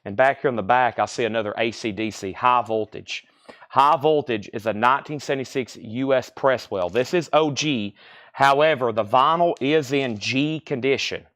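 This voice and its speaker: A man hosting a live-stream vinyl sale in a medium-pitched voice. He reads out conditions and prices in a brisk, businesslike patter and calls bidders by name. Between items he chats casually with the viewers. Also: a bit bright. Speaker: host of a live online record sale.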